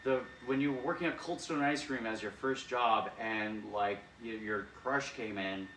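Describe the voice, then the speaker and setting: A man leading drama practice, talking in an animated, rambling way with lots of fillers. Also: on the low side, moderate pace, slight background noise. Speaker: drama coach. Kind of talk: casual drama practice talk. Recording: echoey room, distant mic.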